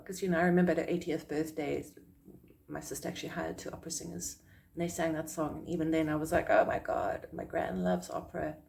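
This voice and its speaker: A woman's voice: fairly low pitch, darkish tone. A woman from South Africa, a psychic medium, talking casually to camera and acting out quoted reactions in a raised voice. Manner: rambling, with fillers and restarts.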